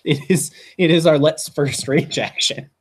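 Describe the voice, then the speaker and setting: A man's voice: on the high side, measured pace. A man running a tabletop role-playing game as game master, loose and swearing, bending the rules for his players.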